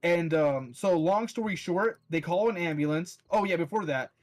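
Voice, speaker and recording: A man's voice: high voice, moderate pace. A man telling a long story in a loose, rambling way, swearing often and filling gaps with "like". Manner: rambling, heavy swearing, lots of "like" fillers. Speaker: podcast host. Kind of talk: casual storytelling.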